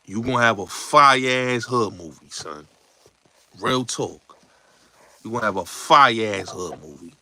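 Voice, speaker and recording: A man, hosting a show, chatting casually and acting out movie lines in slangy, animated talk. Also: medium pitch, a little slow, no room sound. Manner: slangy, repeats yo and son. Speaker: show host.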